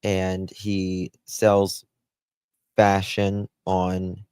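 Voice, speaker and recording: A man's voice: sits low, monotone, very slow, darkish tone, clear, resonant tone, dry recording. A man hosting a live true-crime stream, chatty and exclamatory, thinking aloud as he goes.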